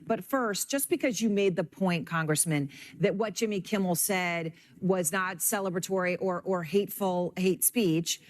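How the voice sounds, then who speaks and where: A woman's voice: fairly low pitch, moderate pace, few pauses, no echo. Woman news anchor, dry close sound. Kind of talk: cable news interview.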